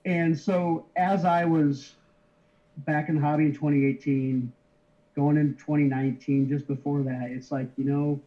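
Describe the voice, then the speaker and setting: A man's voice: fairly high pitch, flat delivery. A middle-aged man telling his story as an interview guest, casually, with lots of restarts and easy chuckles. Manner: halting, many restarts, easygoing chuckles. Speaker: interview guest, card shipper. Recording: slightly dull lo-fi audio.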